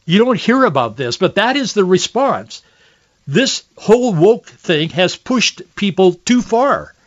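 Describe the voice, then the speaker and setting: A man's voice: high voice, very animated, a little slow, dull audio. An older man hosting a faith and politics talk show, speaking earnestly and with emotion. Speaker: radio show host.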